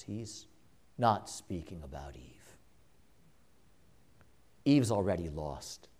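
A man preaching a sermon, slow and emphatic, with dramatic pauses and quiet hushed drops. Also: mid-range voice.

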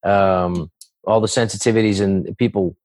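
A comedian and actor, this man is a guest in a casual interview chat, his voice on the low side, a little mellow, fairly even, at normal speed. He rambles with many restarts and acts out voices, with no room sound.

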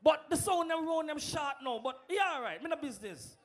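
A man's voice: very high voice, expressive, a little fast. A man acting as MC at a sound clash, announcing the round results and chatting loosely to the crowd. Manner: loose, laughing chat broken by loud crowd calls. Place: live dance event.

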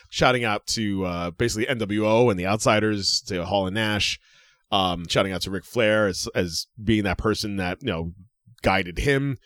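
Deep-voiced guy in his 40s rambling thru a podcast recap, lots of ums, dry close sound. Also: fairly bright tone, no room sound. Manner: rambling, laughs often, many fillers. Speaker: podcast co-host. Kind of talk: casual chat.

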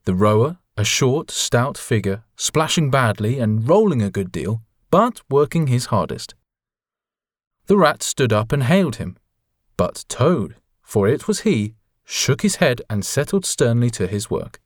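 A man reading a children's story aloud in a measured, descriptive way. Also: mid-range voice, big pitch swings, dry recording, clean studio sound. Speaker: audiobook reader. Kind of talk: storybook narration.

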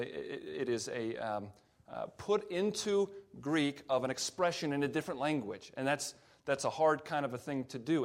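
A man, a pastor, preaching a sermon and explaining scripture with frequent fillers and restarts. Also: mid-range voice. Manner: reads scripture aloud slowly.

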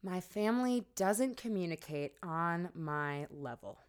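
A woman's voice: on the low side, animated, unhurried, clear, resonant tone. A woman hosting a podcast, giving candid, casual coaching advice with frequent laughs and casual swearing. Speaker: podcast host.

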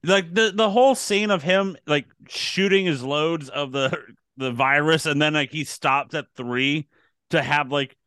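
Hesitant man with a crisp, bright voice. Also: fairly high pitch, a little slow, no echo. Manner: hesitant, many fillers. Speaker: podcast co-host. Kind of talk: casual movie chat.

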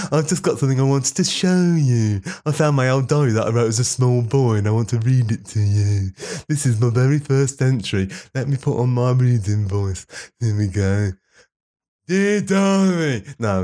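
A man's voice: medium pitch, warm tone, lightly acted. A man doing a comic impression of a smug, self-important politician, reading out a childhood diary in a pompous, mock-earnest way. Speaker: comedy podcast host.

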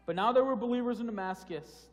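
A man's voice: extremely high pitch, fast. A man preaching a sermon in a casual, conversational way, often restarting phrases and repeating words. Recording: long hall reverb.

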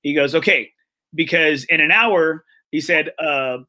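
A man's voice: fairly high pitch, a little slow, pushed and bright. A man hosting a casual chat, telling a story with many fillers, acting out the quoted lines and often checking in with "right?". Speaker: podcast host.

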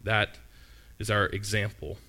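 A man's voice: fairly low pitch, monotone, measured pace, sharp tone. A man preaching a sermon in a conversational, storytelling way, often asking the listeners questions.

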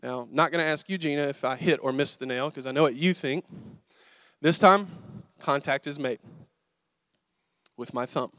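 A man's voice: on the high side, moderate pace, a bit bright, no room sound, studio quality. A young man, a pastor telling a self-mocking story from the pulpit and joking with his audience. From American South. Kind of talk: storytelling sermon. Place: church sanctuary.

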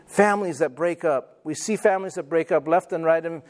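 A man's voice: fairly high pitch, a little fast. A middle-aged male pastor preaching a sermon, emphatic, repeating key phrases and calling for amens from the congregation.

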